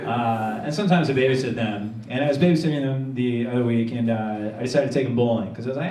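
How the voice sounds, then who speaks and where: A man doing a stand-up comedy set on a club stage, with a halting, rambling delivery full of restarts. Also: medium pitch, warm tone. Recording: roomy live club, distant mic, crowd noise.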